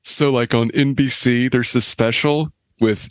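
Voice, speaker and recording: A man's voice: mid-range voice, fairly even intonation, measured pace, clear, resonant tone, no room sound. A man co-hosting a comedy podcast, chatting casually and questioning the others. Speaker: podcast co-host. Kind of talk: casual chat.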